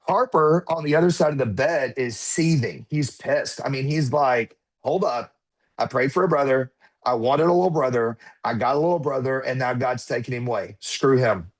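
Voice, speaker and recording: A man's voice: mid-range voice, moderate pace. A man in his thirties, a podcast guest, telling a personal story in conversation and acting out what his children said. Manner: animated, acts out quotes of his children.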